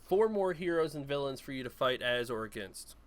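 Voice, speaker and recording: Male gaming podcast co-host, average pitch, rambling and exasperated delivery. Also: expressive, a little fast. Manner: exasperated, rambling complaints with many fillers. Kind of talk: casual chat.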